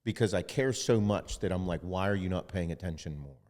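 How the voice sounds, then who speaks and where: A man hosting a podcast in casual chat, animated and profane, acting out what other people say. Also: low voice, brisk, long reverb tail. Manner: animated, profane, acts out quoted voices. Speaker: podcast host.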